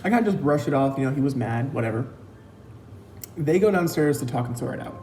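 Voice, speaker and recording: A man's voice: mid-range voice, expressive, fast, a little mellow, slight background noise. A young man casually telling a personal story, chatty, with lots of "like" and retold dialogue. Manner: chatty retelling with many likes and quoted dialogue. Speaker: vlogger. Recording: roomy echo with faint music.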